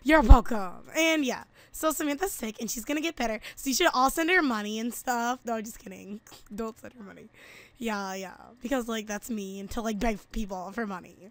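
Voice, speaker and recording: A woman's voice: on the high side, fairly quick, a bit bright. A woman chatting casually while playing a game, giggly and chatty, calling her friend "girl" and chanting playful taunts. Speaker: gameplay video host. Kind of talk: casual gaming chat.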